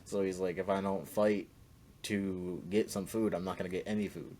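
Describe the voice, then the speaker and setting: A young man with a low voice chats about a film with his co-host. His talk is loose and informal, full of "like" and restarts. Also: steady tone, normal speed, a little mellow. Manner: loose, filler-heavy chat. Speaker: podcast co-host. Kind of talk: casual movie discussion.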